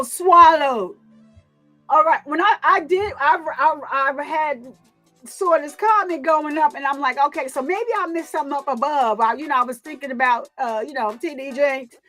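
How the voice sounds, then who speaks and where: A woman's voice: sits high, fairly bright tone. A woman giving casual, emphatic true crime commentary, repeating words and reacting to her chat.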